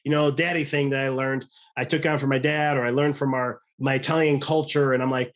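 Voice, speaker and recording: A man in his thirties, a chiropractor guest on a chat podcast, talking in an earnest, rambling way. His voice sits a little high for a man, and he keeps restarting sentences and quoting his own thoughts. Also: animated, fairly quick, few pauses, a bit bright. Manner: rambling, earnest, many restarts and quoted self-talk. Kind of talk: casual podcast conversation.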